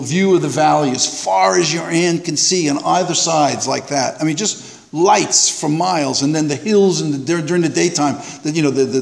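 A man's voice: fairly high pitch, vocal fry. Man telling a story in an echoing hall. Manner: animated, acts out the voices of people in his story. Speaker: speaker sharing a recovery story. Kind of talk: personal storytelling to a live audience. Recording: reverberant hall.

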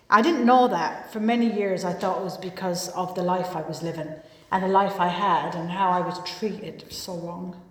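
A middle-aged woman with an Irish accent gives a personal testimony talk at a recovery meeting, chatty and self-mocking, often restarting her sentences. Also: mid-range voice. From Ireland. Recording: echoey hall with long reverb.

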